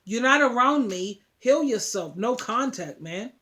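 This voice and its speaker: A woman's voice: fairly high pitch, expressive, unhurried, pushed and bright. A woman giving emphatic, preachy relationship advice straight to her viewers, often repeating words. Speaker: advice vlogger. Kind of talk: casual talk to camera.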